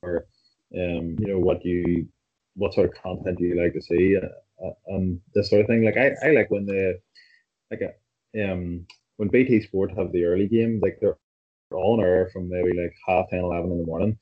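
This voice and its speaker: A man co-hosting a casual football chat, with a husky voice and rambling, filler-filled talk. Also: sits low, steady tone, normal speed. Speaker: podcast co-host. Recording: muffled lo-fi mic.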